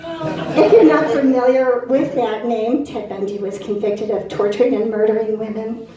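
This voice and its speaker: A woman's voice: on the high side, fairly even intonation, normal speed, crowd noise. Brash woman doing stand-up. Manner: brash, punchy delivery with audience banter. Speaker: stand-up comic. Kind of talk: stand-up comedy set. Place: comedy club stage. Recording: very echoey club from a distance.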